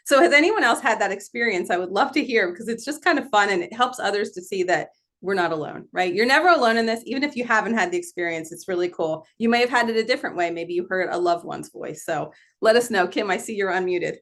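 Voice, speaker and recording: A woman's voice: mid-range voice, fast talker. A woman medium hosting a live online session, talking casually and laughing often, heard over a video call. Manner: chatty, animated, laughs often. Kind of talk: casual live-stream talk.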